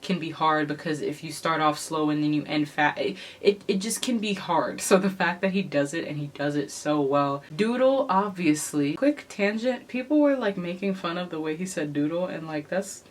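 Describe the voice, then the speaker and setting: Low-voiced chatty woman commentator. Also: steady tone, moderate pace, few pauses. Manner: chatty and opinionated, laughing between points. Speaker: K-pop commentary YouTuber. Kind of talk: casual music commentary.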